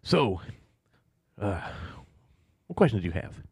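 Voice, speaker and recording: A laid-back young pastor , as a man puts him on in a tabletop game, talks in an easy, casual way and swears without a second thought. His voice sits low and is recorded dry and close. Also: very animated, takes it slowly, a little mellow, breathy edge, no echo, heavily acted. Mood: easygoing. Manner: casual, drawling, swears offhandedly. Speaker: small-town pastor.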